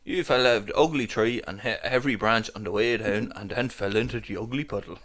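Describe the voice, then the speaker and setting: A man's voice: fairly low pitch, fast talker, fairly bright tone. An Irish man co-hosting a podcast, swearing and teasing in casual banter. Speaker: podcast co-host.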